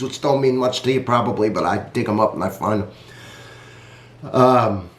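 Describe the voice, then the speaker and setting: A man's voice: on the low side, echoey room, slight background noise. A man reviewing coffee in a casual vlog, chatty and rambling, talking straight to his viewers.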